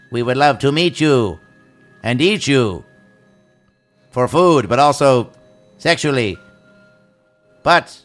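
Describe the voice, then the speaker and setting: A man doing a stiff, formal alien visitor voice, speaking in flat, measured phrases. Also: mid-range voice, clear, resonant tone.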